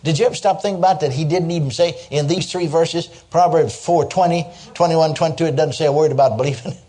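A man's voice: a little high, quick pace, mellow. An older man preaching a sermon, telling stories in a folksy way and chuckling as he goes. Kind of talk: sermon with storytelling.

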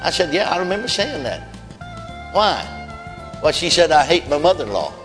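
A man's voice: fairly high pitch, big pitch swings, moderate pace, long reverb tail, over music. A man preaching a sermon, telling folksy stories with quoted voices and chuckles. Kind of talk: sermon storytelling.

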